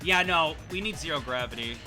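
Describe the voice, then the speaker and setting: A man streaming a visual novel game, reacting with excitable, profane rants to chat. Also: on the high side, a little fast, over music. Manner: excitable, ranting, swears often. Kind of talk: live game commentary.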